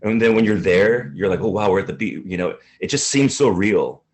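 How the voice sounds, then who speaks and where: A man, an actor, talking in an interview in an earnest, halting, emotional way. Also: fairly low pitch, darkish tone.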